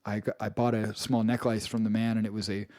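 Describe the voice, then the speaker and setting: Earnest English male narrator, low-pitched, dry close mic, personal memoir read. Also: flat delivery, fast talker, a little mellow, dry recording. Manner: earnest, with restarts and repeated phrases. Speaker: author narrating his own audiobook.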